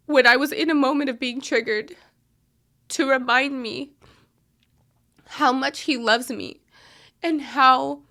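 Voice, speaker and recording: A woman's voice: high-pitched, bright, forceful tone. A woman hosting a podcast, telling a personal story in a frank, emphatic way and swearing freely. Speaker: podcast host.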